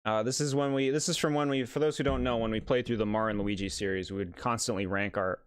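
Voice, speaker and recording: Brief: male streamer, mid pitch, sarcastic and laughing, dry close mic. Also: fairly even intonation, fast, clean tone, no room sound. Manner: exasperated, sarcastic, laughs often. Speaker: gaming streamer. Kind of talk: casual live commentary.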